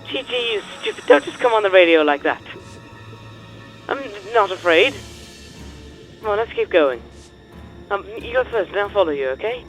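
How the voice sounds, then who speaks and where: A boastful young woman diver from a video game, voiced by a man. She talks in a bright, bouncing voice, teasing her partner and getting defensive the moment anyone calls her afraid. Faint game music plays behind her. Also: high voice, sing-song, normal speed, long pauses, voice pushed up, full character voice, poor audio. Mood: flustered. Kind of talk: reading game dialogue aloud in character.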